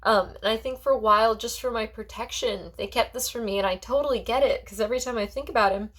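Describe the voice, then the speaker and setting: A woman's voice: fairly high pitch, fast, husky. A woman talking as a psychic in a personal vlog monologue. She rambles in a heartfelt way and fills her talk with "like" and restarts.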